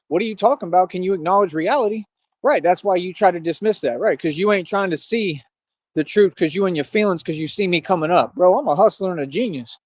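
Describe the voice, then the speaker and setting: A brash man rants on a live stream, boasting and daring his critics in heavy street slang. His voice sits a little high for a man. The dry, dull, lo-fi stream audio has no room sound at all. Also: a little mellow, no echo. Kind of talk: casual streaming rant.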